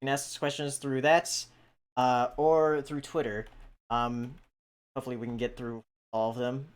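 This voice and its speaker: A man hosting a podcast, reading out viewer questions in casual chat with hesitant pauses. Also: medium pitch, little pitch movement, smooth. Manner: hesitant, many ums and restarts.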